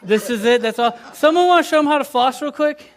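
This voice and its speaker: A man's voice: extremely high pitch, lively intonation, brisk. A man leading a youth ministry night, upbeat and joking with the room as he runs a game and a lesson. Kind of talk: lively youth group game and teaching.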